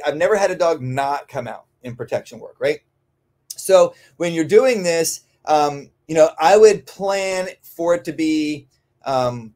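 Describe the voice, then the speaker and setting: A man who trains dogs, answering listener questions in a casual podcast, often tagging "right?" and filling pauses with "um". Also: a little high, darkish tone. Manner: conversational, frequent "um" and tag "right?". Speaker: dog trainer.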